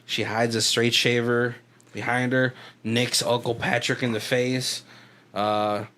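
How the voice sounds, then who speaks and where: A male podcast co-host chatting casually about a film. He rambles through the plot, breaks into laughs and drops the odd curse. His voice sits at an ordinary middle pitch. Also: little pitch movement, slow, pushed and bright. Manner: rambling, laughs often, swears, puts on voices for quotes. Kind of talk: casual movie commentary chat.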